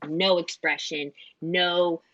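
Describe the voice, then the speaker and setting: A woman's voice: lowish voice, fairly even intonation, slow, fairly bright tone, no echo, lo-fi sound. A woman co-hosting a casual podcast who rambles, leaning heavily on filler words. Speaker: behavior analyst and podcast co-host.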